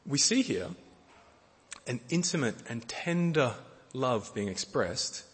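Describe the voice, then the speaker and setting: A middle-aged man preaching a sermon in a gentle way, often repeating words and using fillers. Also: mid-range voice, sing-song, slow, slightly rough. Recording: long hall reverb.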